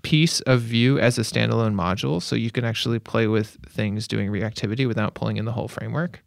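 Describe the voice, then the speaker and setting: A man chatting on a tech podcast panel with a strongly gravelly, creaky voice. The recording is dry and close, with no room sound. He thinks out loud and hedges as he explains. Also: on the low side, fairly even intonation, quick pace, no echo. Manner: thoughtful, hedging with "like". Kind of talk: casual tech chat.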